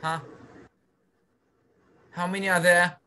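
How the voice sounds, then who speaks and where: A woman's voice: fairly low pitch, little pitch movement, takes it slowly, bright, forceful tone. A woman teaching an online spelling lesson on a video call, encouraging her pupils and sounding out syllables.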